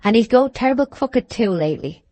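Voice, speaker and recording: Audiobook casting: woman voicing an old stooped rustic man, plainspoken, set a little higher. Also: animated, brisk, warm tone, no room sound. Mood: plain. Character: elderly son of the maltster, bent man. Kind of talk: audiobook character reading.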